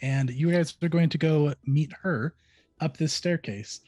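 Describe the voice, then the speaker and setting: A man's voice: a little high, measured pace, a little mellow, dry recording, faint music behind. Casual man running a tabletop game. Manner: casual, with many "uh" fillers. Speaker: game master.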